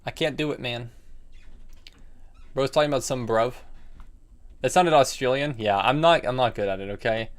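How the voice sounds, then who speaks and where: A man's voice: mid-range voice, moderate pace, pauses often. Man, chess streamer, casual live commentary, muttering moves aloud, chatty with viewers. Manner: thinks aloud, chatty asides to chat.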